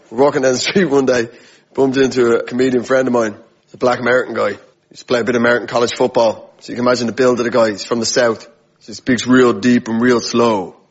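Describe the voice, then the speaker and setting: A man's voice: mid-range voice, breathy edge. A man with an Irish accent doing wry storytelling stand-up in front of a studio audience. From Ireland. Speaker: stand-up comedian. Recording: muffled audio, studio audience.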